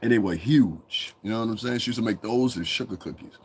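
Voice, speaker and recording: A man's voice: lowish voice, fast talker, slight background noise. A man from Connecticut hosting a casual commentary monologue, profane and rambling, breaking into mocking impressions. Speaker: commentary channel host.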